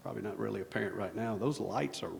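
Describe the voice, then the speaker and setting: A man with a very gravelly, low voice tells stories on a conference stage. He talks in loose, rambling runs full of "you know" and jokes at his own expense. The long ring of a large hall follows his words. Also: fast talker, a little hiss or hum. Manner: rambling, self-deprecating, lots of restarts and "you know". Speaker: conference speaker, operations executive. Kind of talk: casual storytelling on stage. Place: conference hall stage under bright lights.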